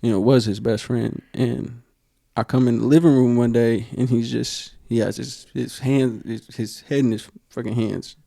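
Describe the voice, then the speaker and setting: A young man, co-hosting a casual podcast. His voice is gravelly and dark, with a flat, level delivery and a dry, close sound. He tells a heartfelt personal story loaded with slang and fillers. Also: mid-range voice, moderate pace, dry recording. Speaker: podcast co-host.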